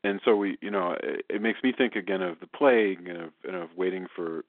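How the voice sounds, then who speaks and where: A man's voice: deep voice, fairly quick. Enthusiastic man on a phone-like line. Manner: enthusiastic, rambling with restarts. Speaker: podcast cohost. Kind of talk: casual film review chat. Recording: dry, phone-like podcast line.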